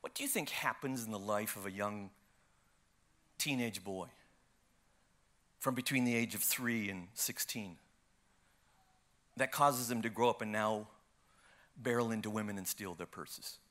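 A gentle, searching voice of God's Spirit, as a preacher puts it on, hushed and slow where his own voice rings out bright. It stays low and tender through every question, soft enough to lean in to.

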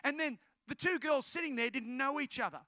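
A man preaching a sermon as a pastor. He tells a lively story, then preaches directly and repeats key phrases for emphasis. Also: extremely high pitch, brisk, no echo.

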